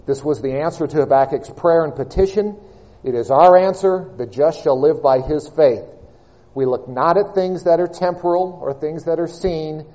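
A man preaching a sermon, reading and expounding scripture with measured, emphatic delivery and slowed key words. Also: fairly high pitch, warm tone, lo-fi sound.

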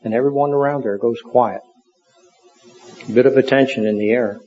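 A man preaching a sermon in a measured, earnest storytelling manner. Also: medium pitch, warm tone, slightly rough. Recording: dull lo-fi recording.

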